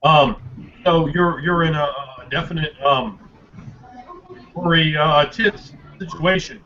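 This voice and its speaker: A man narrating a tabletop game as game master, describing scenes with halting fillers and restarts. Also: on the high side, pushed and bright. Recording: dull lo-fi recording, faint noise.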